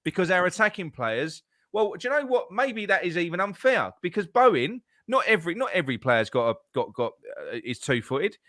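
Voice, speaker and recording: A man's voice: sits high, sing-song, a little fast, hardly any pauses, sharp tone, no room sound, studio quality. A man talking football on a podcast, swearing often and restarting his sentences. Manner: swears a lot, stumbles and restarts, heated. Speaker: podcast co-host. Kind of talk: casual football chat.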